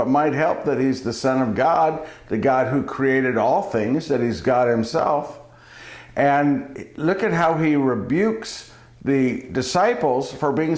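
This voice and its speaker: A man's voice: fairly high pitch, a little mellow, reverberant. A man giving a daily reflection as a preacher, telling a joke and then a homily, chuckling at his own jokes.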